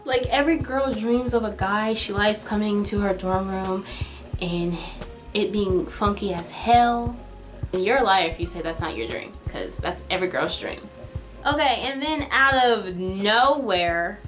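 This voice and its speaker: A young adult woman tells a story in a chatty, dramatic way and fills her talk with "like". Her voice sits at a middle pitch. Soft music plays faintly behind her. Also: unhurried. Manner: chatty, dramatic, heavy use of "like". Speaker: vlogger telling a story. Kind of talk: casual storytime.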